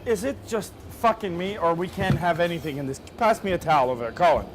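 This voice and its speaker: A man's voice: sits high, fast talker. A man, a chef, talking bluntly at work and swearing freely. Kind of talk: kitchen chatter. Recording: kitchen noise behind the voice.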